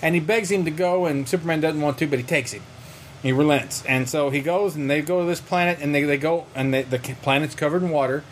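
A man with a fairly high voice retells a comic book story in loose, casual podcast chat. He talks in an animated way and slips into little character voices as he goes. A faint hum sits under the recording. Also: fast talker. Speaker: podcast co-host.

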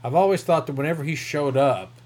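Talking fast in a fairly high voice with a darkish tone, this man has a rural Southern American accent. As a comic book podcast host, he rambles through a casual review, chuckling and correcting himself along the way.

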